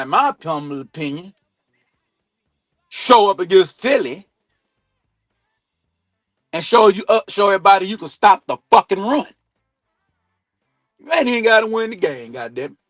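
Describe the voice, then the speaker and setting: A man hosting a sports talk stream, ranting bluntly and swearing a lot, jumping between loud outbursts and low mutters. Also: no echo. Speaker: sports talk show host. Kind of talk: profane sports opinion rant. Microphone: streaming mic.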